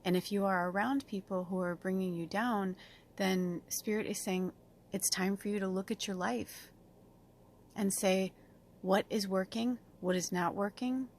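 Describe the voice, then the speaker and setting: Woman giving a gentle card reading. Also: medium pitch, steady tone, measured pace, slight background noise. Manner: gentle, affirming, rambling with fillers. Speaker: tarot and oracle card reader. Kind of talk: spiritual guidance reading.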